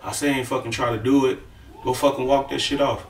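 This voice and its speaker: A cocky male inmate mocks and goads, full of swagger, as a man puts him on while telling a story. His pitch sits in the middle range. He is heard from across a room with a lot of echo. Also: fairly even intonation, a little fast, a little hiss or hum, lightly acted. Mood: taunting. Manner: mocking, swaggering. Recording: echoey room, far from the mic.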